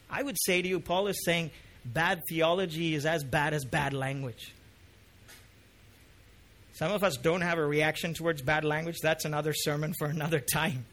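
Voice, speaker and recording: A middle-aged male pastor preaching with a high, bright voice. He moves from relaxed, conversational storytelling to passionate, emphatic preaching. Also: normal speed. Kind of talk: sermon.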